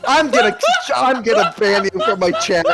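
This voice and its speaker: A man's voice: high voice, expressive, normal speed, poor audio. A man in casual chat, ranting and complaining in an exasperated way. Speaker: streamer's friend on call. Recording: music playing behind.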